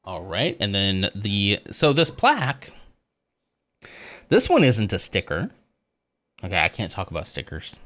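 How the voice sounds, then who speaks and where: A man's voice: fairly low pitch, wildly swooping pitch, measured pace, long pauses, fairly bright tone. A man livestreaming as he builds a Lego set, chatting casually and laughing often at himself.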